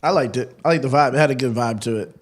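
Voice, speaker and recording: A man's voice: mid-range voice, fast talker. A man from New Hampshire with a New England accent, co-hosting a podcast in easygoing, laughing banter. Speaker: podcast co-host. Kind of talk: casual podcast chat.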